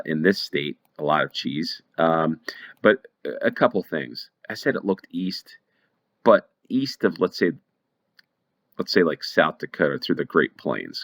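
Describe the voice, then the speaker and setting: A man's voice: rumbling low, a little slow, fairly bright tone. A man giving casual play-along commentary on a geography game, thinking aloud and rambling as he goes.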